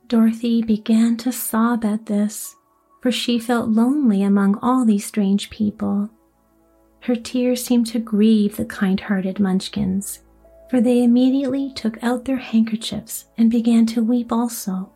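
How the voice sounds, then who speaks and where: Soft-spoken woman reading a storybook. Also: fairly high pitch, steady tone, a little slow, slightly rough, soft background music. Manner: soft, often drops to a whisper. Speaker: audiobook narrator. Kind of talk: storybook narration.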